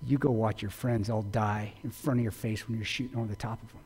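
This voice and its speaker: A man's voice: fairly low pitch, fairly even intonation, fast, darkish tone, slight background noise. A man giving a public talk, retelling a story intensely with quoted dialogue. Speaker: guest speaker. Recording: long reverb of a large hall.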